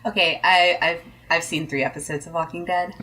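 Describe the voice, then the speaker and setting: A woman's voice: on the low side, steady tone, fairly quick, sharp tone. A woman chatting on a casual podcast in a candid way.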